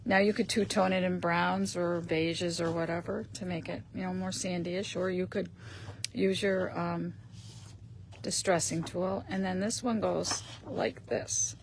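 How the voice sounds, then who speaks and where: Slow, gravelly woman showing a paper craft. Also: fairly low pitch, fairly even intonation, a little hiss or hum. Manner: chatty, thinks aloud, clears throat often. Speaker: host of a craft shop live stream. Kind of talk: casual demonstration on a live stream.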